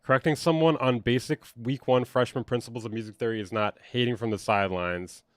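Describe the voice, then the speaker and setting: A man's voice: medium pitch, fairly quick, no room sound, studio quality. Blunt sarcastic young man streaming. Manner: blunt, sarcastic, swears freely. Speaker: music producer streamer reacting to online drama. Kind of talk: casual livestream commentary.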